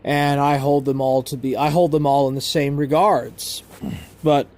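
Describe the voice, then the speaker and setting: A man talking slowly in a somewhat high voice, hosting a livestream. He rambles and repeats himself, answers chat messages, and swings between speaking up and muttering. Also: flat delivery, a little mellow. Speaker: livestream host.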